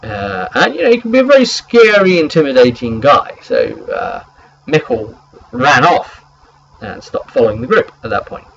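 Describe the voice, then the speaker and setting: A man's voice: mid-range voice, huge pitch swings, normal speed, gravelly, highs cut off, a little hiss or hum. A man recapping a tabletop game session as its game master, rambling along with plenty of hesitant fillers.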